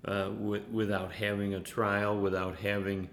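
A man teaching a Bible passage casually, halting often and chuckling between points. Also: lowish voice, completely flat delivery, a bit bright, roomy sound, slight background noise. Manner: halting, with many fillers and chuckles.

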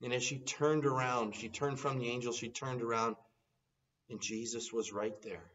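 Earnest preacher, heard from some distance. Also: male voice, medium pitch, fairly even intonation, moderate pace, a bit bright. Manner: earnest preaching, quoting scripture, rising in urgent appeals. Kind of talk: sermon. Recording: dull sound from some distance off.

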